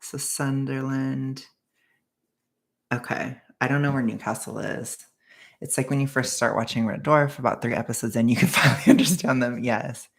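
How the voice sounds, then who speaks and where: Chatty streamer with a gravelly edge. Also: medium pitch, steady tone, normal speed. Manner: chatty, self-deprecating, giggly. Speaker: reaction streamer. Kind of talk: casual reaction commentary.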